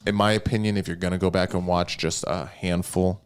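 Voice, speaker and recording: A man's voice: low voice, brisk, a little hiss or hum. A man co-hosting a podcast, talking casually and animatedly about matches, joking and rambling. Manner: animated, jokey, rambling storyteller. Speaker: podcast co-host. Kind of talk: casual chat.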